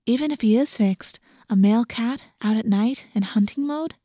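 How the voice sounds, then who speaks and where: A cautious, sensible teenage girl, as a woman reads her, speaking in a hushed near-whisper full of worry. The storybook sound is close and dry. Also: on the high side, normal speed, no room sound, lightly acted. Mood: worried.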